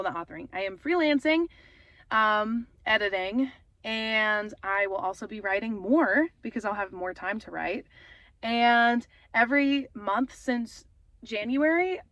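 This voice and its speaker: Woman vlogging from her car, a bit high. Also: fairly bright tone, no echo, highs cut off. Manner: emotional, rambling with fillers, laughs and sighs. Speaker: author and vlogger. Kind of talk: casual vlog talk. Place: inside a parked car.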